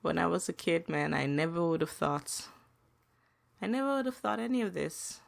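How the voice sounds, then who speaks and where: A woman hosting a solo podcast, venting emphatically and repeating herself, her pitch rising when upset. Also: lively intonation, normal speed, vocal fry. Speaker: podcast host.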